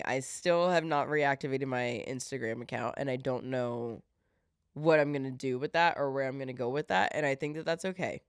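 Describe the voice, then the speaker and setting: A woman's voice: rumbling low, moderate pace, clear, resonant tone, dry recording, clean studio sound. A woman hosting her own podcast in a casual, earnest, heartfelt way, getting teary-eyed as she talks. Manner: earnest and heartfelt, with frequent fillers. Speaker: podcast host. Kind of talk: casual solo podcast talk.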